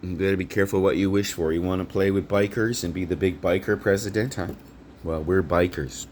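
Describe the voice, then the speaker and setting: A man with a very low voice rambles through an outdoor vlog monologue. He rants angrily, swearing often. Faint background noise sits under his voice. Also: steady tone, fairly quick, a little mellow. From Canada. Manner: angry, profane ranting. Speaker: vlogger.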